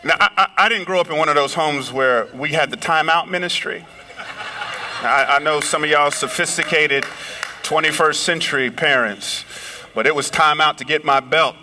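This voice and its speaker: Man, middle-aged, pastor, sermon, high-pitched, very bright tone, emphatic swings. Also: slight background noise. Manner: preaching with sudden pitch swings, slowing and shouting for emphasis. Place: lives in a big city apartment.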